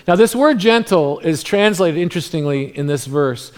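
Male pastor, slightly high voice, chatty sermon that swings between lively and hushed. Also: moderate pace, hardly any pauses. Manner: conversational preaching that swings from animated to hushed, near-whispered passages.

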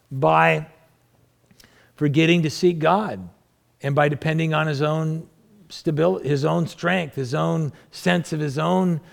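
A male pastor with a strongly gravelly, rough edge to his voice, pitched a little higher than most men. He preaches conversationally, firing rhetorical questions at the congregation and swinging between emphatic raised lines and low, quiet asides. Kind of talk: sermon.

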